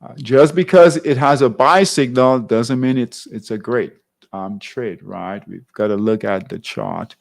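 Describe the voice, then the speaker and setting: A man with a medium-pitched, gravelly voice speaks a little slowly while hosting a live trading class. His chart walkthroughs are conversational, punctuated by frequent check-ins of "all right?"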